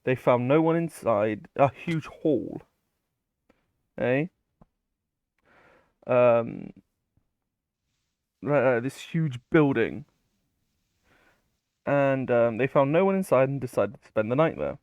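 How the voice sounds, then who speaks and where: A man retells an old myth in a loose, rambling way, full of ums and casual swearing. He talks at an unhurried pace, close to the mic in a dry, dead-sounding space. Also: mid-range voice, expressive, darkish tone, smooth, no echo, highs cut off. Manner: rambling, filler-heavy, loose paraphrase. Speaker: storyteller.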